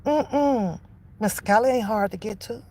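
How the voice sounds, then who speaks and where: A woman delivering a heated, profane reaction rant as an online commentator, mocking her target and drawing out key phrases slowly for emphasis. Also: a little high, warm tone.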